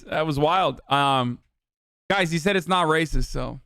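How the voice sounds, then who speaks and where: A man's voice: fairly high pitch, measured pace, sharp tone, smooth, dry recording, clean studio sound. Sarcastic, profane young man. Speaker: streamer reacting to a radio clip. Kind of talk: casual livestream commentary.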